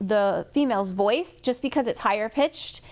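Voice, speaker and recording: A woman's voice: medium pitch, normal speed. A woman hosting an interview, asking curious follow-up questions in a casual chat. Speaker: interview host, police captain.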